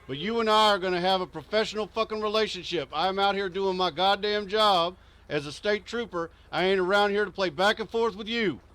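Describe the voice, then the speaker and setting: A man playing a stern, by-the-book state trooper who gives orders in a gruff, clipped way in a game role-play. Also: high-pitched, a little fast, a bit bright. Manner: gruff, clipped, folksy authority.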